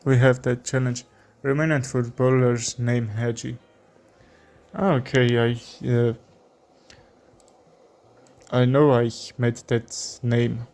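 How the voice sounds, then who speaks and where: A man from Armenia with an Armenian accent, a chess streamer commenting live in halting English with many fillers. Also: medium pitch, little pitch movement, darkish tone.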